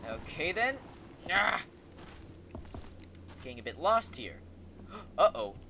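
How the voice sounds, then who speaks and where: A man hosting a let's play, giving excitable, joking gameplay commentary and talking back to enemies. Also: a little high, moderate pace, slight background noise.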